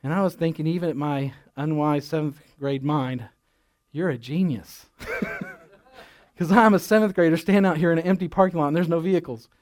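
Folksy high-voiced male pastor preaching. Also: fairly quick, a little mellow. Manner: storytelling, folksy, chuckles at his own jokes. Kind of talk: sermon.

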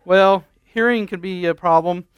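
Delivering his sermon, a pastor spins funny, folksy stories without hurrying, often saying um and starting over. He has a high, clear, resonant voice, recorded dry.

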